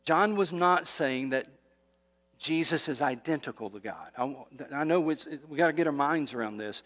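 A man's voice: on the high side, expressive, moderate pace, a bit bright. A male pastor delivering a sermon, emphatic and repetitive, building intensity as he preaches. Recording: long hall reverb.

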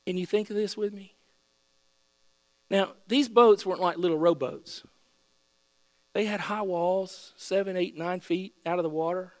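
A man preaching a sermon with a high-pitched voice, telling the story playfully and building to excited shouts. His voice carries through a large hall with long reverb, and a faint mains hum runs underneath. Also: unhurried, pauses often.

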